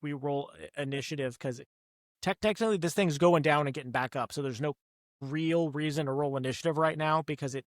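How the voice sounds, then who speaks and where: A man's voice: on the high side, a little fast, no room sound. Man running a tabletop horror game. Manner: restarts words often, relaxed storytelling. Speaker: game master.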